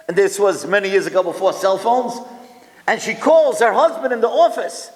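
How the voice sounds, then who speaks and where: A rabbi and lecturer with a fairly high voice tells a story to a room of listeners at normal speed, keeping them engaged with rhetorical questions and sprinkling in Hebrew and Yiddish words. A long hall reverb hangs on his voice.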